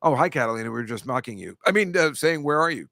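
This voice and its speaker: A man hosting a podcast in casual chat, telling rambling stories and teasing listeners, with jumpy bursts of loudness. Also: mid-range voice, lively intonation, fast talker, vocal fry, dry recording, studio quality. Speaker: podcast host.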